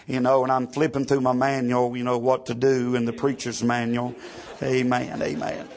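A man's voice: medium pitch, completely flat delivery, moderate pace, a little mellow. A man, a pastor telling a story from the pulpit and dropping "amen" after nearly every line. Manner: testimony peppered with constant "amen". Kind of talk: storytelling sermon.

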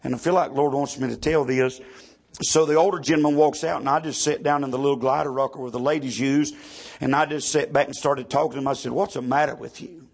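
A man's voice: mid-range voice, fairly even intonation, fast talker, breathy edge. A man, a pastor telling a story from the pulpit and dropping "amen" after nearly every line. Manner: testimony peppered with constant "amen". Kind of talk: storytelling sermon.

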